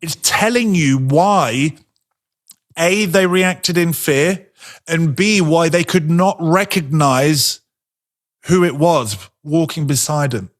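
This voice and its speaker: A man teaching a sermon in a conversational way, asking rhetorical questions and slowing down to stress his points. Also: on the high side.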